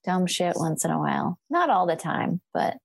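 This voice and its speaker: A woman's voice: on the low side, moderate pace, vocal fry, dry recording. A woman from California telling a story in casual chat, laughing often and acting out the people she quotes. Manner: animated, laughing, acts out quoted voices.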